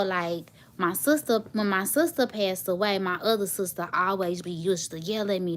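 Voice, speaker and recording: Woman, chatting to her viewers, emotional and heartfelt, keeps saying y'all. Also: medium pitch. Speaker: vlogger, single mother. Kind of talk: casual storytelling to viewers.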